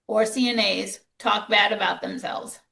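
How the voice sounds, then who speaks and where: A woman podcast host, a nurse by profession, chats in a podcast conversation and tells stories from her job, quoting herself along the way. Her medium-pitched voice is creaky yet bright and forceful, at a measured pace.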